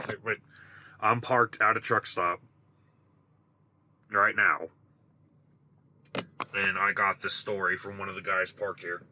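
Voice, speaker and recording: A trucker man with a lowish voice tells a spooky story from his parked truck. His tone is bright and forceful, and his talk is loose, profane and conversational, with a faint hiss of noise underneath. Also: poor audio. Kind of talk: casual spoken storytelling.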